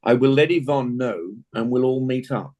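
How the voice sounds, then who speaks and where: A man's voice: medium pitch, normal speed, mellow, lo-fi sound. An older man with an English accent, teaching an acting class in a chatty, encouraging way and praising his students often.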